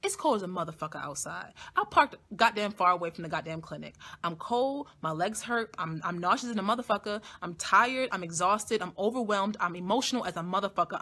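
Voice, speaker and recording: A woman hosting a live stream, telling a long personal story in a casual, blunt and heavily profane way, swinging between soft asides and loud emphatic bursts. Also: mid-range voice, lively intonation, brisk.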